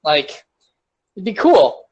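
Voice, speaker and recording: A young man co-hosting a podcast in a rambling casual chat, full of fillers and loud laughs. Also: high-pitched, big pitch swings, slow pace, highs cut off. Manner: rambling, laughs loudly, lots of "like". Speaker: podcast co-host.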